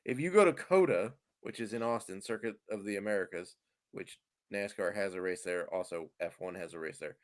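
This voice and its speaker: A man's voice: low voice, fairly quick. A man in casual podcast chat as a fantasy sports analyst guest, explaining at length with fillers and easy chuckles.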